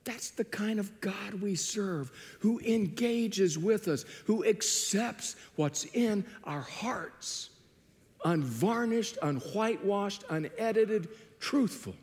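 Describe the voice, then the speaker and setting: A man preaching from the pulpit, his voice pitched somewhat high for a man. He acts out scripture scenes with lively dialogue, and his words ring with the long reverb of a large hall. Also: slow pace. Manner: animated storytelling, acting out biblical dialogue. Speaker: pastor. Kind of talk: sermon.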